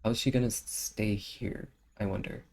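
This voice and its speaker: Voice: mid-range voice, fairly even intonation, normal speed, gravelly, darkish tone. A young adult streamer chatting casually and filling speech with lots of filler words, still coughing after a cold.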